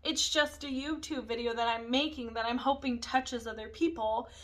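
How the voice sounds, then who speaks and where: A woman's voice: a little high, steady tone, normal speed, poor audio. A woman in her thirties hosting a podcast, talking candidly and a little ramblingly about her own life. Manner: candid, rambling, self-reflective. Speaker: podcast host. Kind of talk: casual personal monologue.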